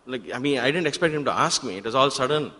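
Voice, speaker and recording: A man, telling a personal story in a talk at a devotional center and acting out the exchanges in sudden loud bursts. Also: medium pitch, lively intonation, quick pace. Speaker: guest speaker at a spiritual center. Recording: long hall reverb.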